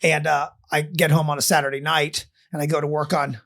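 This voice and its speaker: An older man appears as a guest on a storytelling podcast, telling stories animatedly and acting out what people said. His voice is a little high and fairly quick.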